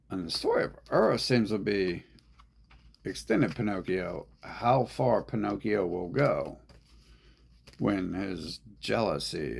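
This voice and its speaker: A man's voice: low voice, gravelly, husky. A man talking in a rambling, profane monologue, repeating himself as he goes. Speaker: vlogger.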